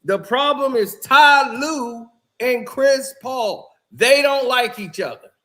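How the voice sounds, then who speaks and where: A man's voice: very high-pitched, slow pace, sharp tone. A man giving casual, rambling basketball commentary, telling the story in a loose way with lots of "you know" and "like".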